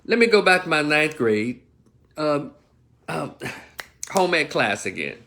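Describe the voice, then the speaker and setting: A livestream commentator from Memphis, Tennessee rants heatedly at his viewers, addressing them directly and swearing often. His fairly high voice is very animated and sharp in tone, yet unhurried.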